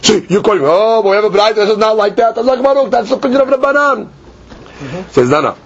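High-pitched man, Talmud class teacher, animated debater, muffled lo-fi sound. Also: brisk, husky. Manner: animated, acts out both sides of the argument. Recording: dull lo-fi recording.

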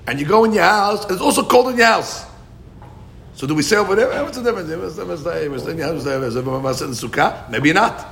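Animated, gravelly man teaching Talmud. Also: on the high side, a little hiss or hum. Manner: animated, questioning, mixes Hebrew and Aramaic terms. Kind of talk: Talmud class explanation.

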